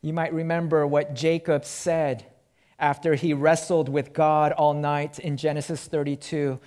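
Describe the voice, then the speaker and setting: A man preaching a sermon to his congregation in a slow, emphatic delivery that swells loud and then sinks quiet. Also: a little high. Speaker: pastor.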